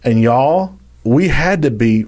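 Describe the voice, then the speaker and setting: A man's voice: mid-range voice, expressive, takes it slowly, a little mellow. A man from Louisiana with a Southern accent, telling a dramatic personal story in a folksy way and addressing listeners as y'all. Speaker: storyteller guest. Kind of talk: animated storytelling.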